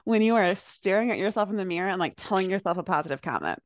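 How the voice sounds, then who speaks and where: A woman's voice: medium pitch, animated, quick pace, dry recording, clean studio sound. A young adult woman co-hosting a podcast, talking in a rambling, reflective way, full of "like" fillers. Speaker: podcast co-host. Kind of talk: casual chat.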